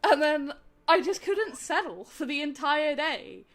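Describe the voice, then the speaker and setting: A woman's voice: high-pitched, lively intonation, measured pace. A woman with a Somerset accent, worn out after a long day, chatting casually on a gaming stream and laughing often mid-sentence. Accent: Somerset English.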